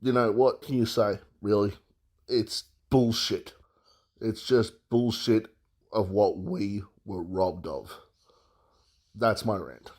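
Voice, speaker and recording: Slow, sore-throated man ranting. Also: on the low side, darkish tone. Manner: theatrical, exclaiming, mock outrage. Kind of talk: casual ranting.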